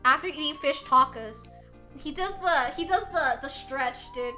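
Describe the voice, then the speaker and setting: A young adult woman streamer telling a story to her chat in a casual, animated way, laughing often and swearing freely. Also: high voice, unhurried, soft background music. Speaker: livestreamer.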